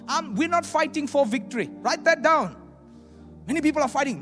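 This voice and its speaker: High-voiced preacher in an echoing hall. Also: male voice, moderate pace. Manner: animated, acts out voices of doubters, swings from loud to hushed. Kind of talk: sermon. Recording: echoey hall with faint music.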